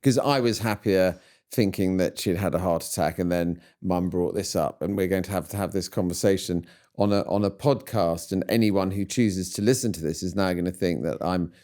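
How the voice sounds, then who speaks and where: A middle-aged man speaks with a very low, warm voice. He chats in a rueful, self-deprecating way. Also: moderate pace. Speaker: podcast guest. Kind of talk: casual chat.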